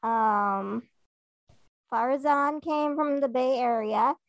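Woman with a gravelly, creaky voice. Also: high-pitched, extremely slow, no echo, highs cut off. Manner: rambling storyteller, acts out what others said. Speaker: podcast co-host. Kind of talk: casual chat.

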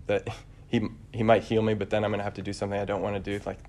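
A man preaching a conversational homily, relaxed and searching, with frequent fillers and restarts. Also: on the low side, racing.

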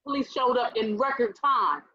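Radio guest, woman, bright and high, animated storyteller, slightly dull lo-fi audio. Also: normal speed, slightly rough, no room sound. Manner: animated, acts out quoted voices, laughs while telling. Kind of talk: casual storytelling on a radio show.

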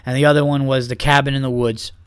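A man's voice: medium pitch, flat delivery, fast, clean tone, no room sound, studio quality. A man hosting a podcast, ranting in a casual, comedic way, swearing often and mocking people with heat. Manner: profane, heated, mocking. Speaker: podcast host.

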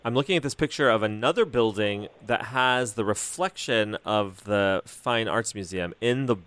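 Guy cohosting a podcast, super excitable and gushy, dry close sound. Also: on the low side, clean tone, dry recording. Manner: excitable, gushing, quick laughs. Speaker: podcast co-host. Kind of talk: casual chat.

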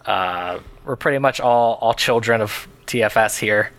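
A man's voice: lowish voice, unhurried, fairly bright tone. A man co-hosting a podcast in casual chat, loose and joking, with frequent restarts. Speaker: podcast co-host.

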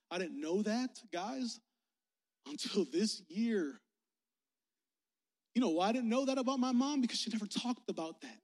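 A man's voice: high-pitched, animated, normal speed, pauses often. A man, a youth pastor, preaching a personal, conversational sermon, candid and emotional, talking straight to the crowd. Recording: long hall reverb.

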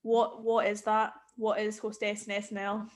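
A woman co-hosting a podcast, chiming in with gentle, slightly tentative questions. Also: mid-range voice, monotone, moderate pace. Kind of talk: casual podcast chat.

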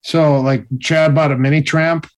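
A man telling stories in a casual interview, animated and acting out the other people's voices. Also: a little high, a little slow. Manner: animated, acts out quoted voices. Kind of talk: casual storytelling.

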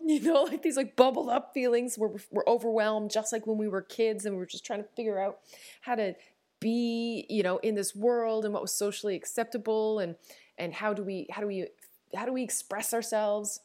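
A woman's voice: on the low side, fairly quick. Newfoundland woman, candid podcast host. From Newfoundland, Canada. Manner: warm and candid, laughs often, frequent fillers and restarts. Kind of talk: reflective personal podcast talk.

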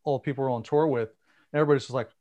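A man telling an animated tour story in casual chat, swearing and acting out what people said. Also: mid-range voice, racing.

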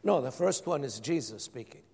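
Preaching pastor in a reverberant hall. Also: male voice, medium pitch, lively intonation, normal speed, vocal fry, darkish tone. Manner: preaching with calls to the congregation. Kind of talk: sermon.

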